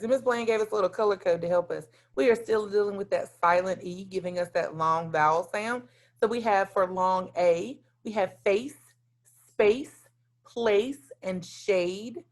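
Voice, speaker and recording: A woman teacher walks young students through their weekly lesson, speaking clearly and deliberately. She steps through lists one item at a time in a mid-pitched voice. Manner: clear, deliberate teacher talk with list-like repetition. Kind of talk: recorded classroom lesson.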